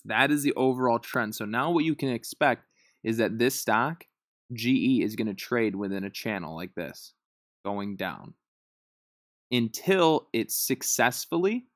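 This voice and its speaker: A man's voice: mid-range voice, fairly bright tone, no room sound. Guy explaining stock charts, chill and chatty, mid voice, dead dry room. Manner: loose and chatty, often checks in with "right?". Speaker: stock trading instructor. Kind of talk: casual screen-share chart lesson.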